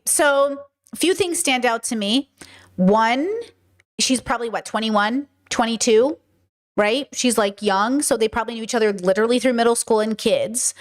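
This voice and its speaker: A woman with a slightly high voice talks through a clip on her stream. She muses out loud and puts questions to her chat and to herself in a loose, casual way. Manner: thinks aloud, asks chat and herself questions. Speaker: streamer reacting to a video. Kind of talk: casual live-stream commentary.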